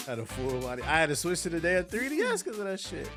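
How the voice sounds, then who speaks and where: Man streaming a game, lively swooping pitch, swears a lot, game music underneath. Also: fast talker. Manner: excitable, profane, loud outbursts. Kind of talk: casual gaming commentary.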